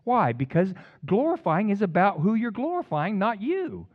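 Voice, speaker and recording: A man's voice: high voice, big pitch swings, normal speed, phone-quality sound. A man preaching a sermon in a fired-up, rambling way, with jokey asides and sudden bursts of emphasis.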